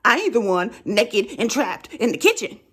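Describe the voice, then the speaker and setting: An exasperated, blunt father scolds his grown daughter, as a woman puts him on. The voice shoots up high and swings wide when he gets worked up. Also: sing-song, moderate pace, bright, forceful tone, breathy edge, heavily acted. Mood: dry retort.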